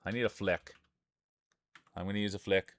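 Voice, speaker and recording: A man's voice: low-pitched, moderate pace, no room sound. A man streaming and giving playful sports-style play-by-play commentary on a game, joking and hyping up the players. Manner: excitable, joking, hypes up players.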